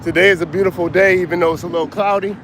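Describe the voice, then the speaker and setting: A man's voice: high-pitched, steady tone, racing, a bit bright. A middle-aged man who is out of breath, talking casually on an outdoor livestream as a motivational coach and chatting with viewers by name. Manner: casual, reads out viewer names. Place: outdoors by a street. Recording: faint street noise outdoors. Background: traffic.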